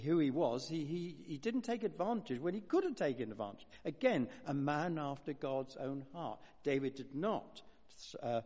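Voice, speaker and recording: A man's voice: a little high, a little mellow. A man giving an informal, conversational sermon, rambling through asides and restarts as he goes. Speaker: preacher. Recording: dull lo-fi sound in a reverberant hall.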